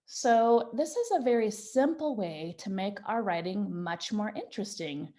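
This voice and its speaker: A woman's voice: mid-range voice, expressive, dark tone. Patient woman teaching young children. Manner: slow, patient and encouraging, stretching out example sentences. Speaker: Montessori teacher. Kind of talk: children's writing lesson.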